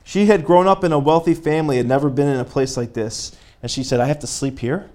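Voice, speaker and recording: A man preaching a sermon, reading a story aloud and pausing to speak directly to his congregation, growing fervent. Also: on the high side, darkish tone.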